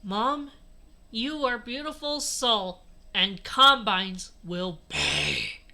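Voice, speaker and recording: A woman's voice: mid-range voice, sing-song, extremely slow, bright, forceful tone, heavily acted. A woman voicing an earnest young male rebel hero in a put-on Southern drawl, reading a fanfic aloud with dramatic delivery. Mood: defiant.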